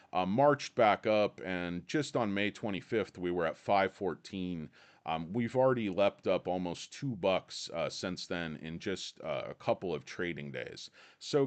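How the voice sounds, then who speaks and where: A man's voice: lowish voice, clear, resonant tone. Rambling irreverent man streaming about stocks. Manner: rambling, irreverent, crude jokes. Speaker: live stream host. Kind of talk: casual stock market live stream. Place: his office.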